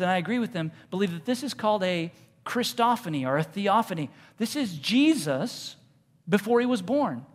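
A pastor delivers a sermon in an animated, conversational way, mixing joking asides with rhetorical questions put to the congregation. The voice carries a long reverb from a church sanctuary. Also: medium pitch.

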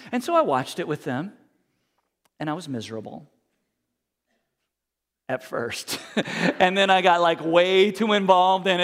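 A man in his forties with a fairly high voice delivers a sermon in a church sanctuary. He talks in a conversational, animated way and catches and corrects himself as he goes. His voice rings out with a long hall reverb behind it. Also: measured pace, pauses often. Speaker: pastor.

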